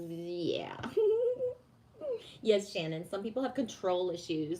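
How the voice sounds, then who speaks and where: A woman's voice: lowish voice, slight background noise. A woman livestreaming casually to viewers, ranting bluntly and swearing freely, then reading oracle cards. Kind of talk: casual live chat with viewers.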